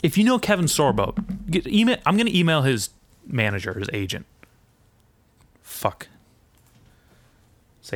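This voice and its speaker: A man podcast host and aspiring comedian delivers a rambling, foul-mouthed rant, mixing indignation with self-deprecating asides. His voice is on the high side and sing-song, at a measured pace with long pauses and no room sound.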